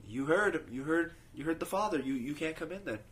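A man's voice: fairly high pitch, lively intonation, a little fast, fairly bright tone, pitched above the performer's own voice. A man voicing Jesus as a kind grown man who urges in a raised voice. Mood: urging. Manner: raised, urging voice.

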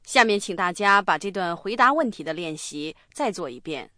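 A woman hosting a language lesson, explaining clearly and instructively. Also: fairly low pitch, animated, normal speed, pushed and bright, no echo, clean studio sound.

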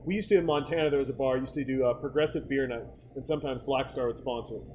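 A middle-aged man telling bar stories in casual chat, animated, acting out the voices of the people he quotes and laughing often. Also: mid-range voice, quick pace, slight background noise, low-quality recording. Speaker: podcast guest telling stories.

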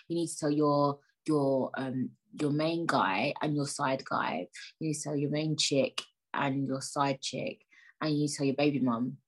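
Chatty young woman, husky and low. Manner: chatty, rambling, playfully indignant. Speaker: podcast host. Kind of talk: casual solo podcast chat.

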